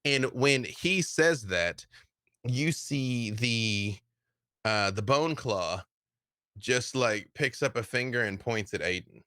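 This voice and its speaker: A man narrating as dungeon master, in a relaxed, chatty storytelling way with plenty of fillers. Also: on the low side, slow pace, dry recording, clean studio sound. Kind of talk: narrating a tabletop game.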